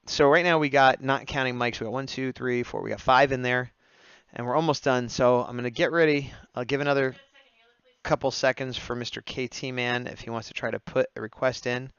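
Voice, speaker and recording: This man sits in the mid-range with fairly even intonation, speaking a little fast in a clear, resonant, slightly bright tone without echo. He's a livestreamer taking drawing requests, chatting with viewers and describing his work over dull lo-fi audio. His commentary runs on chattily, punctuated by laughter at his own jokes.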